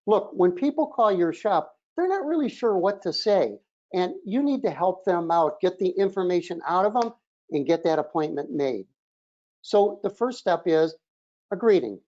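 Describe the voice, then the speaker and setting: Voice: medium pitch, mellow, lo-fi sound. An auto repair shop trainer giving a webinar presentation in an instructive, emphatic way, often opening a point with "look".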